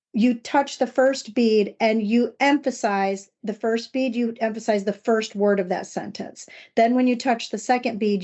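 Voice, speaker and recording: A middle-aged woman co-hosting a podcast, talking in an earnest, personal, reflective way and slowing down to stress key words. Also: on the high side, a little mellow. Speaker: podcast co-host. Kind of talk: casual podcast discussion.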